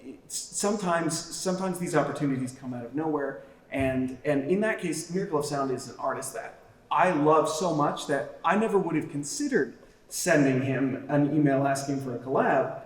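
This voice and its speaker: A man on a panel talks in a calm, measured, conversational way. He is recorded from a distance, so his voice comes through with a roomy echo. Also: fairly high pitch. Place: large convention hall. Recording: echoey room from far off.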